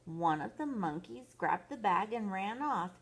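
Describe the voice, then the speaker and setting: An older woman, a grandmother, reading a bedtime story aloud to children in a gentle, expressive way. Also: medium pitch, a little slow, husky.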